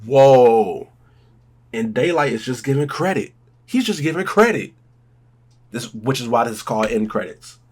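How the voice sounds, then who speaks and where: A husky-voiced man breaks down a track for his reaction channel. He gets hyped and rambles, stretching out his exclamations for emphasis. His voice sits at an ordinary pitch for a man. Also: big pitch swings, normal speed. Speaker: reaction video host. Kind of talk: casual music reaction commentary.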